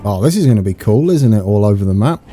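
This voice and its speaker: A British man giving excitable, chatty live gameplay commentary, talking to his viewers as he plays. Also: fairly low pitch, quick pace, soft background music. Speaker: game streamer.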